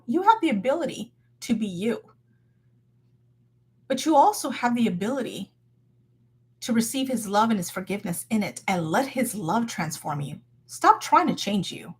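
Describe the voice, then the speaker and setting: A woman giving an informal Christian devotional talk, candid and expressive, laughing as she goes. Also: a little high, slightly rough.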